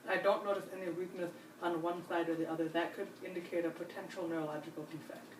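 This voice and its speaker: A woman examiner demonstrating a neurological check, giving calm step-by-step instructions and reassurance. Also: on the low side, fast. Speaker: nurse examiner. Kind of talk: clinical demonstration. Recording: roomy, distant mic, faint hiss.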